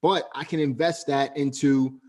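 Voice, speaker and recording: A man's voice: mid-range voice, fairly even intonation, measured pace, darkish tone. A man hosting an interview who recaps the guest's points for viewers and keeps asking "right?". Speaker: host. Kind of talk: interview commentary.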